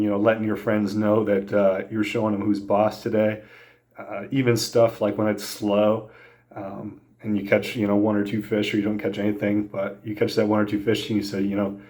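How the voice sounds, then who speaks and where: A man's voice: fairly low pitch, flat delivery, normal speed, a little mellow. A younger man casually telling fishing stories as a podcast host, rambling with many fillers and frequent laughter. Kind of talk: casual storytelling.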